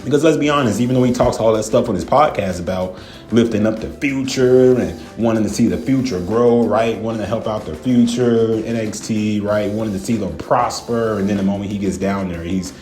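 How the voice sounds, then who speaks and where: A man's voice: on the low side, fairly quick, darkish tone. A man giving casual, profane ranting commentary, laughing often and peppering his talk with "man", "bro" and "y'all". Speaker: wrestling commentary vlogger. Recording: echoey room, faint music.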